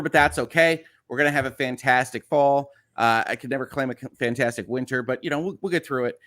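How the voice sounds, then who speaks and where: A man's voice: mid-range voice, fairly bright tone. Easygoing Chicago-accented man chatting on a livestream. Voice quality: slightly nasal. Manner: rambling and friendly, many "uh" fillers and restarts. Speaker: livestream host. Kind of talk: casual livestream chat, reading viewer messages aloud.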